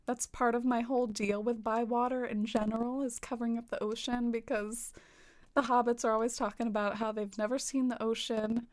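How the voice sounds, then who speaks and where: A giggly, chatty game streamer from the American South with a light twang talks casually and reads viewer comments. Her voice is a little high, her delivery flat and a little fast, and she leans heavily on fillers, especially "like."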